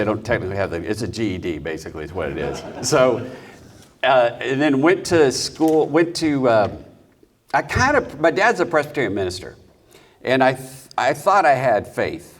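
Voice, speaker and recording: A middle-aged man from Texas, a comedian guest, telling his career story in a candid, self-deprecating way. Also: lowish voice. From Houston, Texas. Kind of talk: conversational life story.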